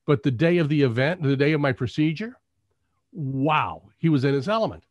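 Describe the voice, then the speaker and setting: A man's voice: on the high side, big pitch swings, moderate pace, dry recording, lo-fi sound. A man hosting a conversational interview, affirming his guest and telling a short story of his own. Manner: affirming, storytelling, asks open questions. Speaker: interview host.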